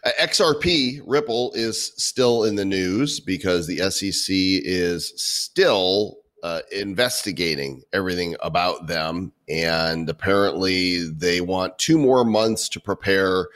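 A man's voice: deep voice, slow, hardly any pauses, a bit bright. A man co-hosting a crypto news show, reading out news items and joking with his co-host in casual chat.

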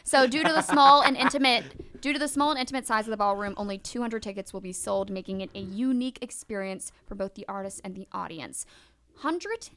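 A woman co-hosting a casual podcast, animated, laughing often and reading news stories aloud. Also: medium pitch, fairly quick. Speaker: podcast co-host. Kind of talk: casual chat.

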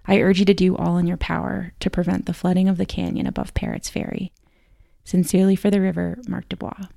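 A woman podcast host reading measured, scripted documentary narration. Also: on the low side, lively intonation, creaky, warm tone, no echo, clean studio sound.

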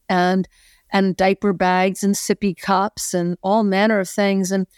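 A middle-aged woman tells a personal story as a podcast guest, earnest and animated. She leans on fillers like "you know" and speaks at a middle pitch. The sound is dry and close. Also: no room sound.

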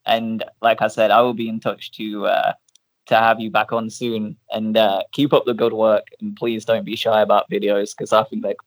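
A man's voice: fairly low pitch, level tone, moderate pace, no room sound. A man hosting a casual podcast, chatty with lots of fillers and laughter. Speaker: podcast host.

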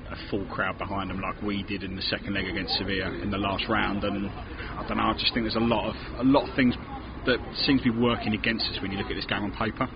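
Low-voiced co-host on a noisy street. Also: male voice. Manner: relaxed, hesitant with fillers. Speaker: podcast co-host. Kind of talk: casual chat. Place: outdoors in a city centre. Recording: lo-fi outdoor recording with street noise.

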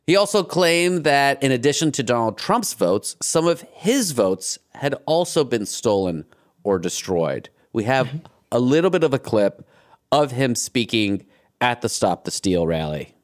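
A man's voice: medium pitch, big pitch swings, a little slow. A man with an ordinary mid-range voice hosts a comedy podcast. He narrates the story in a wry, sarcastic tone and keeps it casual. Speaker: podcast host.

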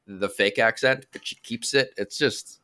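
A man's voice: mid-range voice, a little slow, sharp tone. A man co-hosting a casual movie podcast, wry and steering the talk back on track. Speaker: podcast co-host.

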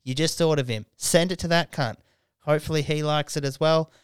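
A man's voice: a little high, steady tone, brisk, clear, resonant tone, no room sound, clean studio sound. A young Australian man hosting a podcast, tipsy and swearing constantly as he laughs through drunken stories. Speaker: podcast host. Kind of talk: casual drunk chat.

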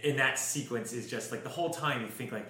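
A man speaks with a bright, forceful tone, musing through his thoughts and restarting as he goes. The sound is echoey. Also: mid-range voice, fairly quick. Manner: reflective, thinks aloud with restarts. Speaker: podcast co-host. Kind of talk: casual chat. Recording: roomy echo.

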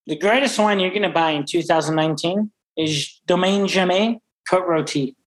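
A middle-aged man, a restaurant owner, talking brashly and profanely in a casual interview, full of excited stories. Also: on the high side, rough recording. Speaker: restaurant owner and wine expert.

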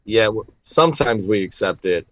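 A man's voice: fairly low pitch, lively intonation, normal speed, a bit bright, dry recording. A man co-hosting a radio talk show, chatting in an easygoing way, laughing often and restarting his sentences. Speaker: radio co-host.

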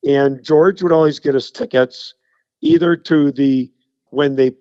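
A middle-aged man, a radio guest telling animated anecdotes in casual chat. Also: mid-range voice, measured pace, dry recording. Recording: slightly dull, dry sound.

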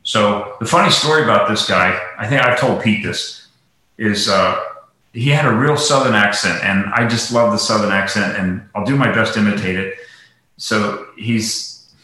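A man's voice: on the low side, moderate pace, bright, forceful tone. A man talking as a guest in a casual interview, rambling with many fillers and restarts. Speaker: guest, golf professional. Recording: very echoey room.

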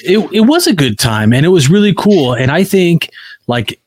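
A man co-hosting a podcast in casual chat, talking in a relaxed, rambling way with lots of fillers. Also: fairly high pitch, moderate pace. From Illinois, US. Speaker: podcast co-host.

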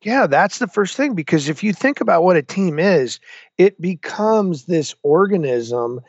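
A man tells stories as an interview guest, animated and quick to act out what others said. His voice sits a little high. The recording is dull, lo-fi and dry. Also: no room sound. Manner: animated storyteller, acts out quotes. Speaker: guest, former Navy commander. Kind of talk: interview storytelling. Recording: dull lo-fi sound.

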